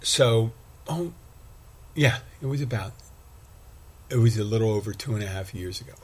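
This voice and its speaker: A man's voice: lowish voice, moderate pace, darkish tone, breathy edge. A man hosting a casual solo podcast, rambling and self-deprecating as he talks. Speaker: podcast host and bartender.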